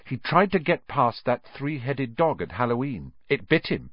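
A man's voice: medium pitch, sing-song, moderate pace, no room sound. A man voicing an eager young schoolboy wizard who speaks urgently, in a storybook reading with a dull, dry sound.

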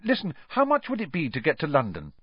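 A man reading aloud voices a wary teenage boy who answers fast and guarded, his voice lifted a little above the narrator's own. The recording is dry and slightly dull. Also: fairly high pitch, wildly swooping pitch, slightly rough, no echo, voice pushed up, heavily acted. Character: nervous teenage boy wizard.

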